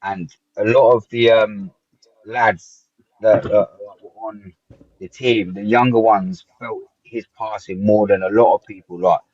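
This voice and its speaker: A man's voice: on the low side, a little slow, slightly rough, no room sound. Chatty man, muffled sound. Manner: animated storytelling, acts out quotes, frequent "like". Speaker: guest. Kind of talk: casual reminiscing chat.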